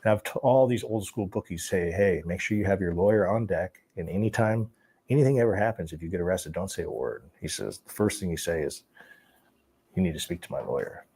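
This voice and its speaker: A man telling his life story in an interview, animated and profane, often laughing as he talks. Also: low voice, a little fast, slightly rough.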